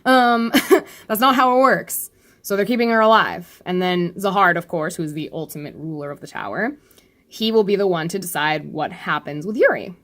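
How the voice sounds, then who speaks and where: Chatty, rambling woman, lowish voice. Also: moderate pace, a bit bright. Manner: rambling, chatty, laughs often, frequent "like". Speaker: youtuber discussing a webcomic. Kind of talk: casual chat.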